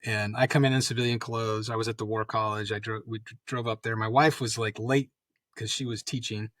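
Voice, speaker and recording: A man's voice: fairly low pitch, steady tone, brisk, a bit bright, dry recording, studio quality. A man in his fifties, a retired army colonel, telling rambling anecdotes full of fillers in a casual interview. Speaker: guest, retired Special Forces colonel.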